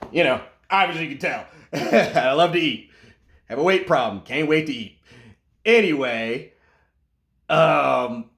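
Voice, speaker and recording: A man giving a casual, animated monologue about martial arts, full of asides and restarts. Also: mid-range voice.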